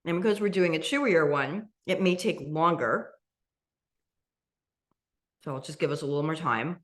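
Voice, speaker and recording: A woman with a fairly low voice leads a mindful eating meditation, her pace slow and gentle. She guides students step by step and laughs softly now and then. She speaks over a video call. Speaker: meditation instructor.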